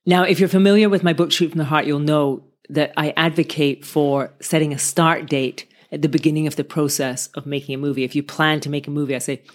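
Earnest woman sharing filmmaking advice. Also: sits low. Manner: earnest and conversational, piles up questions. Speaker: filmmaker and author giving advice. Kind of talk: motivational talk to viewers.

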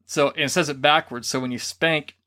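Male podcast co-host, slightly higher voice, animated storyteller who acts out quotes. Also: brisk. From grew up Catholic. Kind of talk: casual storytelling chat.

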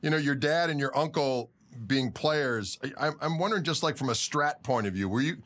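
Quick-asking male interviewer. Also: on the high side, fairly bright tone. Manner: quick, searching questions with fillers. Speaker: interviewer host. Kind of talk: casual interview questions.

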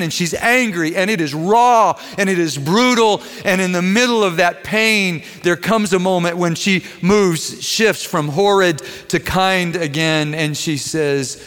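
Man, pastor, sermon, earnest, soft to intense, slightly high voice, long hall echo. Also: moderate pace, few pauses. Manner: earnest, swings between quiet tenderness and raised intensity.

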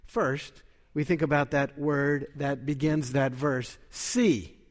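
A man preaching a sermon in a measured, emphatic way, lifting his voice when he quotes scripture. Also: mid-range voice, steady tone, in a large hall.

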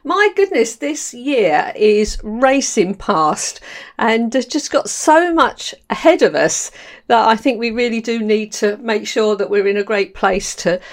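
A woman hosting a podcast, welcoming listeners in an upbeat, motivational way and speaking directly to them. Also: fairly high pitch. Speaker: podcast host.

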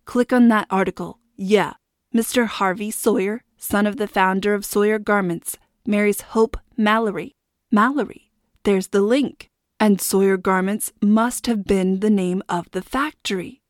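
Woman doing a nerdy teen boy, storybook, excited, loud, dry close sound. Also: medium pitch, measured pace, no echo, lightly acted. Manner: excited, talking too loud.

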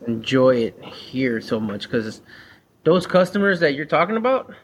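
With a medium-pitched, sing-song voice at a moderate pace, the former shop owner turned mobile mechanic talks casually against a faint hiss or hum. He stays blunt and slangy, acting out the back-and-forth he has with customers.

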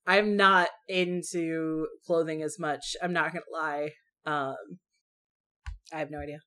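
A young woman with a voice slightly low for a woman chats unhurriedly with a friend about film adaptations, rambling in a relaxed way. She uses plenty of fillers and lets the odd swear word slip.

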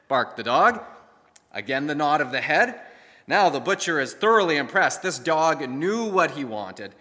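A man preaching a sermon as pastor, praying and then telling a story in an animated way that acts out the quoted lines. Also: a little high, unhurried. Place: church sanctuary. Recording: long hall reverb.

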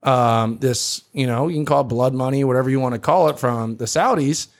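A man from South Jersey, USA, with a mid-range voice and the local accent, speaks briskly as a podcast co-host. On the casual show he explains things at length, saying "um" frequently.

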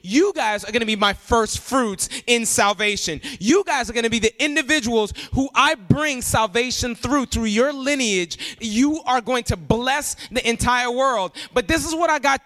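A man preaching a sermon, emphatic and animated, often jumping up in pitch for emphasis. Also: normal speed, few pauses. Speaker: pastor.

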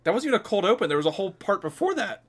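A man's voice: high voice, very animated, racing. A man co-hosting a podcast in casual chat, laughing often and swearing as he retells scenes. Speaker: podcast co-host.

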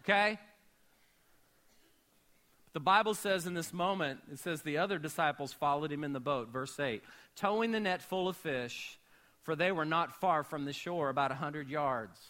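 A man pastor preaching a sermon, animated, moving between shouting and hushed storytelling. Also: a little high, moderate pace.

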